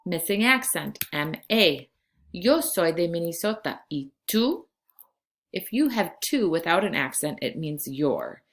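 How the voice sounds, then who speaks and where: A woman in her forties from California, giving a recorded Spanish lesson to her class in slow, clear instructions. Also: fairly low pitch, sing-song, fairly bright tone. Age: 40s. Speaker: Spanish teacher.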